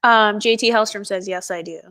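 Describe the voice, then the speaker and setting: A woman's voice: medium pitch, fairly quick, a bit bright. A woman co-hosting a casual livestream, agreeing readily and reading viewer comments aloud. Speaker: co-host.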